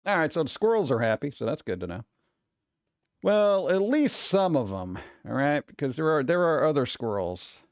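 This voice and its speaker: A man's voice: fairly high pitch, big pitch swings, moderate pace, no echo, dull audio. A man hosting a casual live stream, rambling and joking as he chats with his viewers on a close desk mic. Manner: rambling, joking, talks to chat. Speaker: streamer host.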